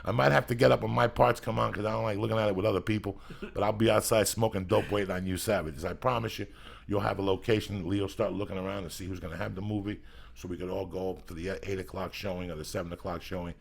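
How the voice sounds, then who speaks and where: A middle-aged man hosting a podcast, rambling loudly and swearing heavily in comedic banter. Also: deep voice, steady tone, fast talker. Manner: loud, rambling, heavy swearing, gravelly and raspy. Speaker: podcast host.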